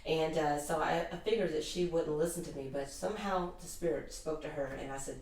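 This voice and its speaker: A woman's voice: sits low, steady tone, brisk, darkish tone, a little hiss or hum. A middle-aged woman, an interview guest, telling long rambling anecdotes with lots of restarts. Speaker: guest, intuitive healer. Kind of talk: casual interview storytelling. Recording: roomy echo, distant mic.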